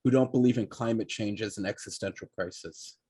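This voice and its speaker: Podcast host, man; relaxed, conversational, slightly raspy, dry room. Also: on the low side, a little fast, dry recording. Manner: relaxed, reads audience questions. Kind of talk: casual interview.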